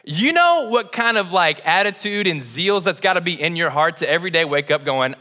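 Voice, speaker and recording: Male pastor, high bright voice, lively conversational sermon delivery. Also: normal speed. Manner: animated, conversational storytelling.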